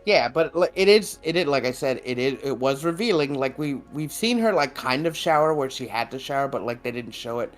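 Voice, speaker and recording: Male podcast co-host, mid-pitched, loose rambling banter, laughs easily. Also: expressive, fairly quick, hardly any pauses, faint music behind. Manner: rambling, laughs often, swears casually. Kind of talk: casual chat.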